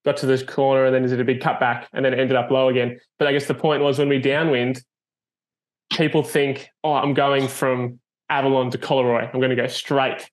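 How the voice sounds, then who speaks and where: A man hosting a casual chat as a foil coach, telling stories in a relaxed way with plenty of fillers. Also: mid-range voice, a little fast. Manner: laid-back, storytelling with many fillers.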